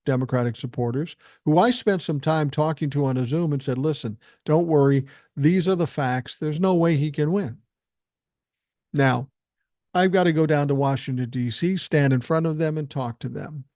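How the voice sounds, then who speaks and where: A man's voice: medium pitch, dark tone, dry recording, clean studio sound. An older man hosting a solo podcast, talking bluntly and emphatically, with frequent swearing. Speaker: podcast host. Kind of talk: solo political podcast monologue.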